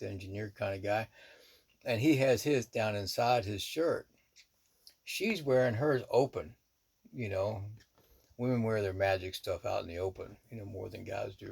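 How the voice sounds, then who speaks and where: A man's voice: on the low side, vocal fry, a little mellow. A middle-aged man, a shaman, telling a personal story in a rambling, easygoing way, full of asides. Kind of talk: casual spoken storytelling.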